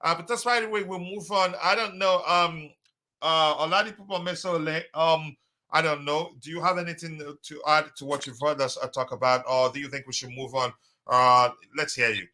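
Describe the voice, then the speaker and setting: Male stream host, bright, slightly high, halting with fillers, chatty. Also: steady tone. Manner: hesitant, many fillers, reads chat aloud. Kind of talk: casual live stream chat.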